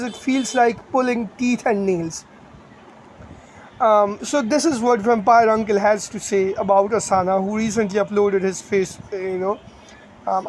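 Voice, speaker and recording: A man's voice: high-pitched, a little hiss or hum, rough recording. Blunt, rambling man commentating. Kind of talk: opinionated online commentary.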